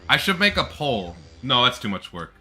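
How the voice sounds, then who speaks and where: A man's voice: mid-range voice, sing-song, moderate pace, bright, forceful tone, faint music behind. A young man chatting casually on a live stream, rambling and laughing often.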